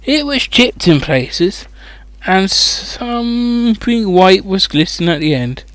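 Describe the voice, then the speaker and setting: A man's voice: sits high, big pitch swings, slow, fairly bright tone, no echo. A man reading a children's fantasy book aloud as a comedic audiobook, breaking off into rambling, sweary, mocking asides. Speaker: audiobook reader.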